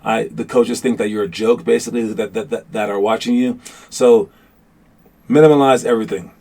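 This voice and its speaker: A man coaching young basketball players in a casual motivational talk, rambling with many restarts and fillers, and getting animated as he goes. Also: fairly low pitch, fairly quick, gravelly.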